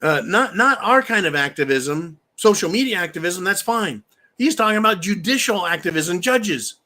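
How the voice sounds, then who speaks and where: Bright-voiced man hosting a rambling livestream. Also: sits high, animated, normal speed. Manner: loose, rambling, swears, takes shots on air. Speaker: live stream host. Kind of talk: casual political livestream talk.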